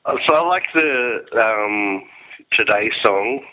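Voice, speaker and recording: A man's voice: on the low side, expressive, slow pace. Dry-quipping man on a lo-fi line. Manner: dry, offhand quips. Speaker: podcast co-host. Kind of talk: casual comedy chat. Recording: dull lo-fi line.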